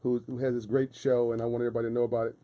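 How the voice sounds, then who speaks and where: He talks rapid-fire in a medium-pitched, warm voice with a level tone, appearing as a guest in a radio studio. In this casual interview he is passionate and emphatic, preaching and repeating phrases for force.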